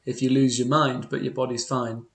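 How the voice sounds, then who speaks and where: A man's voice: mid-range voice, level tone, normal speed, vocal fry. A man in his twenties co-hosting a podcast, chatting casually with wry, dry humor. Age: 20s. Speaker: podcast co-host. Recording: roomy echo.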